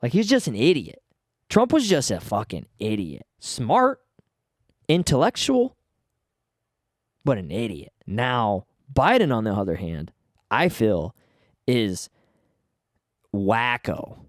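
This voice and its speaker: A man's voice: mid-range voice, sing-song, slow, long pauses, no room sound, studio quality. A man hosting his own podcast, ranting casually with lots of swearing and stumbling restarts. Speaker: podcast host. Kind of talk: casual solo podcast rant.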